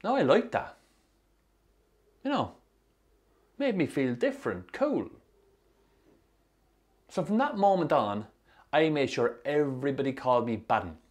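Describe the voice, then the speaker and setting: An actor narrating a film as a troubled young Irish man with a Sligo accent, telling his rough youth in a dry, sardonic way. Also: medium pitch, big pitch swings, measured pace, pauses often. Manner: dry, sardonic storytelling with strong swearing. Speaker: narrator, the film's lead. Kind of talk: scripted film voice-over.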